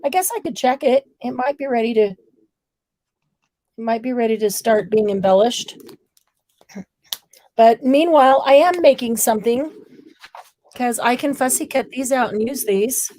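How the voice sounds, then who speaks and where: A woman's voice: fairly high pitch, moderate pace, long pauses, warm tone, low-quality recording. A woman co-hosting a casual crafting livestream, chatting and laughing easily with friends on a video call. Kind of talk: casual chat while crafting.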